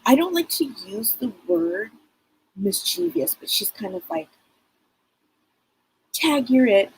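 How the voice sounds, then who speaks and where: A woman's voice: medium pitch, very animated, measured pace, slightly rough, rough recording. A middle-aged woman hosting a live psychic reading broadcast, rambling casually with many fillers. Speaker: psychic show host.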